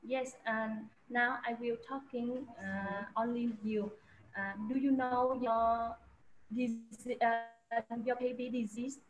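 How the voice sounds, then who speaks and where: A woman speaks slowly and hesitantly as a doctor in a medical role-play. The sound is muffled and roomy, with faint noise behind. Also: fairly high pitch, flat delivery. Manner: hesitant, many fillers.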